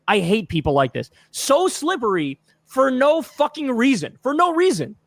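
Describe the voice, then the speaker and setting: A man's voice: very high voice, very animated, normal speed, few pauses, fairly bright tone, dry recording, clean studio sound. A man hosting a reaction video, in mocking, profane casual commentary, laughing often.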